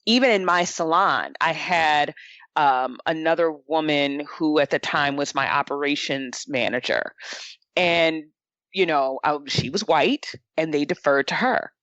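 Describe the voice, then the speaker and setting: Woman salon owner, animated storyteller, lowish voice, dull lo-fi sound. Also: measured pace, no room sound. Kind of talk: casual panel talk, storytelling. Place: Michigan.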